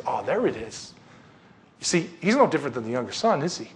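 A man's voice: medium pitch, sing-song, brisk, husky. A man preaching a sermon in a conversational, folksy way, with casual asides and rhetorical questions. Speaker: pastor.

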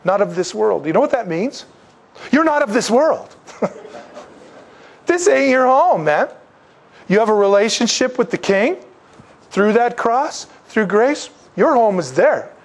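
A man's voice: very animated, measured pace, long pauses. A male pastor preaching a sermon in a conversational style, acting out the voices of the people he quotes. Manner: conversational preaching, acts out quoted voices, wide swings in pitch and loudness.

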